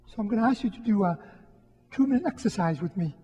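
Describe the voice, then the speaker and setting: A priest delivers a homily in a soft, husky, mellow voice. He speaks gently and reflectively, pausing often. The sound rings with the long reverb of a church. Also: high-pitched, animated. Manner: gentle, reflective, with frequent pauses. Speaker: Catholic priest giving a homily. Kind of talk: sermon. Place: church during Mass.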